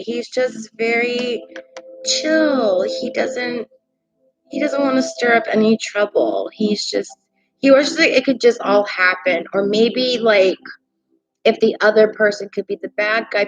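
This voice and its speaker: A woman's voice: mid-range voice, muffled recording. A woman doing a casual live-stream tarot reading from her laptop, chatty and emotional as she reacts aloud to viewer comments. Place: home desk at a laptop. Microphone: laptop microphone.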